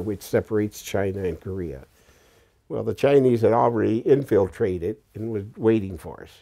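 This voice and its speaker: Gravelly-voiced elderly man recalling war. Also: on the low side, dark tone. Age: 80s. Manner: plain-spoken, blunt storytelling with occasional profanity. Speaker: war veteran interviewee. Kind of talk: documentary interview recollection.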